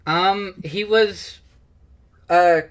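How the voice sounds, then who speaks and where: A man's voice: sits high, steady tone, very slow. A man narrating as game master of a tabletop game, rambling with many fillers and laughs.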